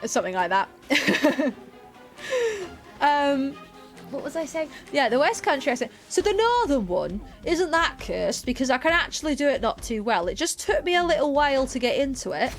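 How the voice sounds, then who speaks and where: A woman's voice: high voice, sing-song, moderate pace, soft background music. Chatty rambling woman streamer. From England. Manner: chatty, rambling, keeps interrupting herself. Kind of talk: casual live-stream chat while gaming.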